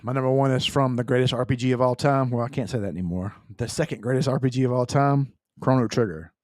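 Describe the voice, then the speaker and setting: A man's voice: mid-range voice, fast, darkish tone, no room sound, clean studio sound. A man co-hosting a gaming podcast in casual, sarcastic, profane chat. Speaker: podcast co-host.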